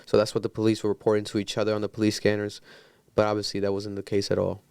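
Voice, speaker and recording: A man co-hosting a podcast who recounts events in a casual, measured way. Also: on the low side, monotone, creaky, a little mellow, clear, resonant tone, no echo.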